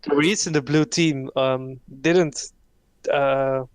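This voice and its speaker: A man's voice: medium pitch, steady tone, takes it slowly, clean tone. A young man casting an amateur esports match, analytical, stumbling over repeated words and chuckling between points. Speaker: caster. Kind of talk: casual esports commentary.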